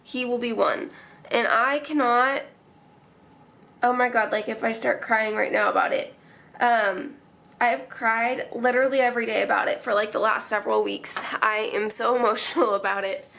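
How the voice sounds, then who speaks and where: A woman's voice: a little high, fairly even intonation, moderate pace, creaky, a bit bright. A young woman vlogger chatting casually and emotionally as she decorates her planner, rambling and laughing often.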